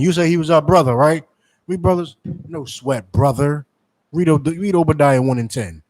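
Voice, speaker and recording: A man's voice: on the high side, a little mellow. A man preaching in a fiery, mocking street-preacher style, calling on others to read scripture. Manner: heated, mocking, profane, calls for scripture readings. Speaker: preacher and teacher.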